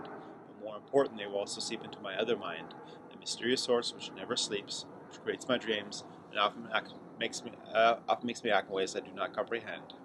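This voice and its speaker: A man's voice: on the low side, background noise. A sleepy man reading a text aloud for his video, who often stumbles and restarts lines and now and then breaks off to chat. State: sleepy, yawning. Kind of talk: casual reading aloud with chatty asides.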